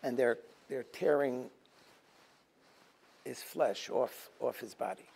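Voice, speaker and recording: A rabbi giving a teaching talk, telling stories and acting out their dialogue, sometimes rising to forceful emphasis and then dropping low. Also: male voice, slow pace, creaky, husky. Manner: storytelling, acting out dialogue in a lively voice. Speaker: rabbi and lecturer. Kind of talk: Tisha B'Av teaching talk.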